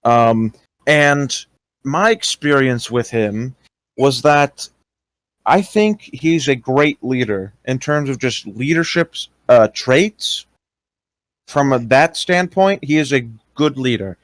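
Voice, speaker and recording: A man's voice: mid-range voice, no room sound. Young guy on a voice call, lots of ums and restarts, plain mid voice, dry sound. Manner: hesitant, many fillers and restarts. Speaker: interviewee recounting experiences. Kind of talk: casual voice-call talk.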